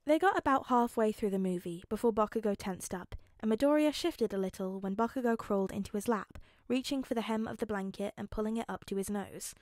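A woman calmly narrating a fanfic as an audiobook reader. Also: medium pitch, a little fast, hardly any pauses, no room sound, clean studio sound. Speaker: podfic reader.

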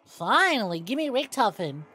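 A young woman streaming a game, chatting casually with viewers, excitable and quick to swear. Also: on the high side, slightly rough. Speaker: VTuber streamer. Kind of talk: casual gameplay stream chat.

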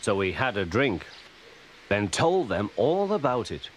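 A man narrating a children's story in an animated, expressive reading. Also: fairly low pitch, a little slow, noisy background. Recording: loud music behind.

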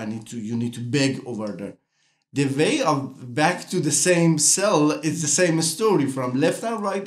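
Halting man in echoey room. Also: on the high side. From Iran. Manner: halting non-native English with frequent restarts. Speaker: interviewee artist. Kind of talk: documentary interview testimony.

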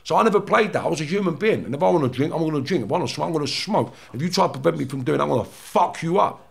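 This London ex-prisoner's voice is fairly high, animated, creaky and a bit rough. On a podcast he tells heated stories in a blunt way, full of swearing and quick restarts, playing out the confrontations himself.

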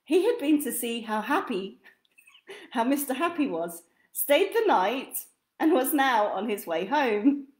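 A woman reads a children's story aloud at an easy, slow pace. Her voice sits a bit high and rises and falls in a lively, sing-song way. She sounds like a storyteller at bedtime. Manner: expressive, sing-song, occasional laughs.

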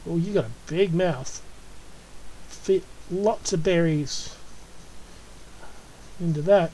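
Mellow Australian woman coaxing game pets. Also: lowish voice, takes it slowly, slight background noise, low-quality recording. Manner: chatty, coaxing and cooing at in-game animals. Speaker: gaming channel host. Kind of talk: casual gameplay commentary.

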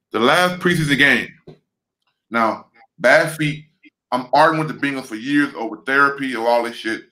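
A man's voice: mid-range voice, low-quality recording. A man, a former football lineman, telling a story with lots of swearing and repeated words over a video call. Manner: animated, profane, repeats words.

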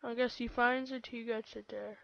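High, excitable gamer girl, lo-fi mic. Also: normal speed, creaky, no room sound. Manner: excitable and playful, slipping into baby talk. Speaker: let's play gamer. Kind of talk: live gameplay commentary. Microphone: close microphone. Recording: dull lo-fi home mic.

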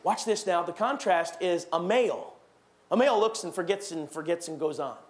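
A man preaching a sermon in a church, animated, acting out gossiping churchgoers with raised voices. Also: high voice, normal speed. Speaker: pastor. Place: church sanctuary.

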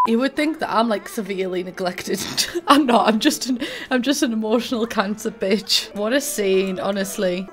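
A young gaming YouTuber from England, speaking with a Middlesbrough accent, gives casual gameplay commentary over loud music. Her voice is on the high side and her pace moderate; she swears, giggles often, and mocks herself as she plays.

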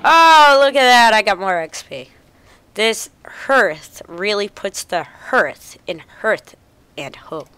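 A woman's voice: medium pitch, pushed and bright, clear, resonant tone. A woman playing a video game, reading the game text aloud and chuckling as she goes. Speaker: gamer. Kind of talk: let's play commentary.

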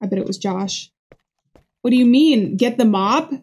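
A young woman who makes gaming videos does let's play commentary on a horror game, jumpy and joking as she reads its dialogue aloud. Her voice is fairly high, a little mellow and slightly rough, at a normal speed.

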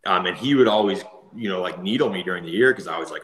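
A Canadian man in his thirties, a former player, telling animated stories full of fillers and laughter. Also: lowish voice, fast, roomy sound, crowd noise, rough recording. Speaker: guest, former hockey player. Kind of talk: casual storytelling.

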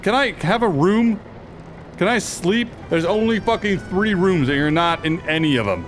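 A man commentating his own gameplay in a casual, profane and excitable way, reacting aloud to the game. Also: high voice, moderate pace, a little hiss or hum. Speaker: gaming video host. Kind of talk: casual let's play commentary.

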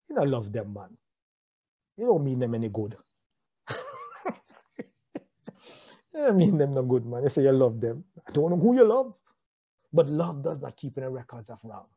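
A man's voice: fairly high pitch, warm tone, slightly rough, muffled recording. A Jamaican man preaching about marriage, asking rhetorical questions, repeating phrases and chuckling often. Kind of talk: sermon on marriage.

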